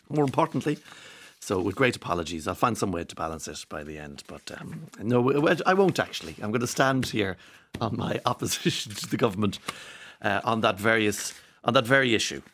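Male radio presenter, rapid patter, rambling jokey asides, studio mic. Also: on the low side, expressive, fairly bright tone. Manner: rapid, rambling, joking asides with frequent restarts. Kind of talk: lively morning radio chat.

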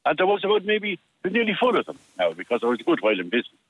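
An older Irish man calling in to a radio show, telling a story with halting restarts and acting out what others said. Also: fairly high pitch, huge pitch swings, fairly bright tone. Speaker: caller. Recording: tinny phone line.

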